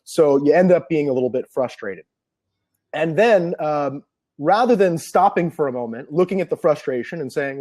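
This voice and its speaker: A man's voice: on the high side, expressive, normal speed, a little mellow. A man being interviewed as an NLP trainer, explaining ideas earnestly and piling up examples.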